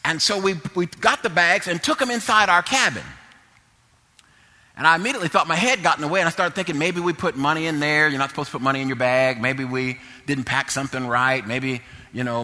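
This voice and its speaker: A man preaching a sermon through a personal story, dropping to low murmurs and rising to loud exhortation. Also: fairly even intonation, a little fast, long reverb tail.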